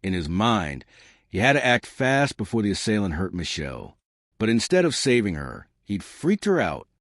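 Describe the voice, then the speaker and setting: A man narrating a horror story in a measured storytelling manner. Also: lowish voice, dry recording, studio quality.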